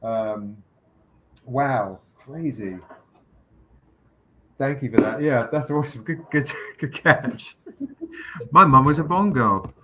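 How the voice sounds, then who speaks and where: A man's voice: medium pitch, takes it slowly, long pauses, slight background noise. Man telling a story on a livestream. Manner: animated anecdote with quoted voices. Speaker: comic publisher hosting a livestream. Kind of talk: casual storytelling chat.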